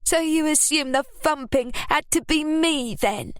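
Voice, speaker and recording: A woman's voice: a little high, unhurried, no echo, clean studio sound, pitched above the performer's own voice. A woman voicing a hostile, petulant young woman who sneers and speaks with sarcasm. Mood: sneering.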